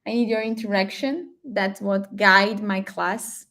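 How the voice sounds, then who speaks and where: A native Brazilian Portuguese speaker teaches a live-streamed language lesson, repeating example words slowly and often checking in with her viewers. Her voice is medium-pitched with a fairly bright tone.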